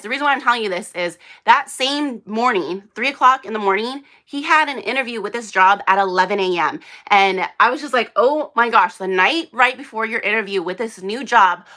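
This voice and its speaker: A woman's voice: medium pitch, bright, forceful tone. A young woman hosting a casual live unboxing from a small room under hot lights, rambling and chatty with lots of fillers. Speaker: host.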